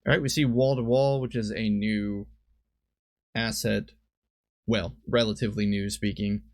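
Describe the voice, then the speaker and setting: A man's voice: fairly low pitch, level tone, a little slow, no room sound. A man giving casual commentary on a card game, thinking aloud and often stopping to correct himself. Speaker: streamer and commentator.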